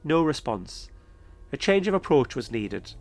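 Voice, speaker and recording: A man narrates his own eerie experience as the host of a storytelling podcast. His delivery is measured and steady, and his voice sits at an ordinary pitch for a man. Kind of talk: first-person storytelling narration.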